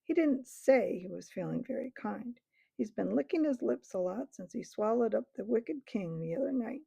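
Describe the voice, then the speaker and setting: A woman's voice: on the high side, expressive, normal speed, creaky, breathy edge, no echo, exaggerated voice. A woman voicing a scheming, jeering male ape who taunts and bullies the crowd of beasts in a storybook reading. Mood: menacing. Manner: sneering, taunting, shouting orders. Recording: dull lo-fi recording.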